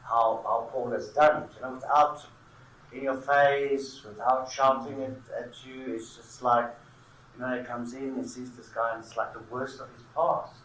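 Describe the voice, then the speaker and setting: A South African man speaks thoughtfully and haltingly, restarting his sentences as he goes. He sits away from the mic in a reverberant room, with a faint hum of ambience behind him. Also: medium pitch, flat delivery, fairly bright tone. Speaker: theatre maker. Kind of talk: conversational interview. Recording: echoey room, mic at a distance.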